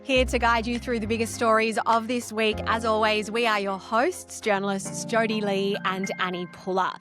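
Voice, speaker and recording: A woman with an Australian accent co-hosting a news podcast as a former TV journalist, explaining the news in a brisk, animated way on a studio mic. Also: fairly high pitch, over music. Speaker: podcast co-host, former TV journalist and media trainer. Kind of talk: casual news chat.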